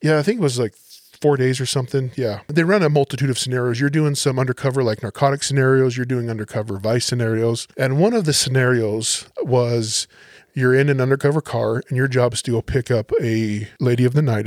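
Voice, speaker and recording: A man's voice: mid-range voice, fairly quick, dry recording, studio quality. A man, a police officer, telling stories casually on a podcast and acting out the people in them. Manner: relaxed, animated storyteller acting out quotes. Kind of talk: casual storytelling.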